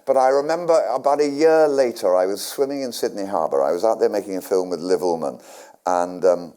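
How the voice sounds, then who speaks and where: A man's voice: lowish voice, a little fast, warm tone, clear, resonant tone. An older man from England, guest at a stage interview, telling rambling anecdotes with restarts and dry humour. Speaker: guest actor. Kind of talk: storytelling on stage. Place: community centre hall with live audience.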